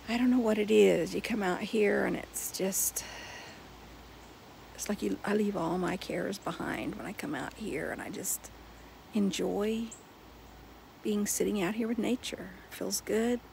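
A middle-aged woman, chatting in a relaxed, rambling way while sitting outdoors under trees. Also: medium pitch, vocal fry, a little hiss or hum. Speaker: vlogger. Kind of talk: casual chat to camera. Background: faint outdoor sounds with birds.

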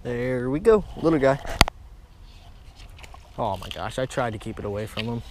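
A young man vlogging while he fishes at a pond, talking casually to his viewers, easily excited and repeating himself a lot. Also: medium pitch, normal speed, noisy background. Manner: excitable, repeats himself, keeps saying "guys" and "oh my gosh". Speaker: fishing vlogger. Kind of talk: casual outdoor vlog commentary. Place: outdoors at a pond.

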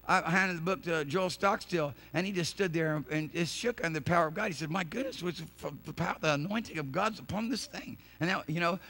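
A man preaching a sermon as pastor in a church. He repeats and restarts phrases, and builds from quiet talk to shouted preaching. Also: high voice.

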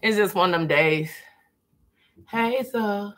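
A woman vlogging in a relaxed, chatty way, talking straight to her viewers and laughing often. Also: medium pitch, slow pace, slight background noise. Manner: chatty, folksy, laughs often, addresses viewers as "girl" and "y'all". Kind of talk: casual chat to viewers while eating.

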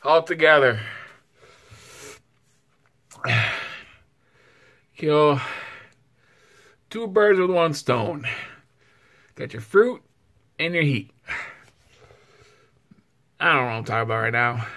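Give me a man with a lively, slightly high voice talking slowly through a spicy burn. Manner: exclaiming and sighing between words. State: suffering from spicy heat. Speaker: food vlogger. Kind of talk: casual vlog.

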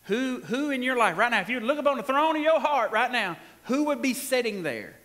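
A man's voice: very high voice, big pitch swings, brisk, fairly bright tone. A man preaching a sermon as pastor, folksy and emphatic, drawing responses from the congregation. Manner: folksy, emphatic, with frequent laughs and call-and-response. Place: church sanctuary. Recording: long hall reverb in a church.

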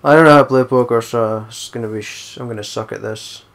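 A man's voice: medium pitch, quick pace, a bit bright, slight background noise. A man giving casual, rambling gameplay commentary, swearing a lot and joking around. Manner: swearing, rambling, jokey, breaks into song. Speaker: let's play gamer.

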